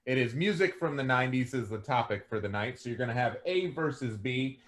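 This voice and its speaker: A man's voice: mid-range voice, expressive, fairly quick, a bit bright. A man hosting a casual webcast over a video call, rambling loosely and laughing often. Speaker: webcast host. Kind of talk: casual chat.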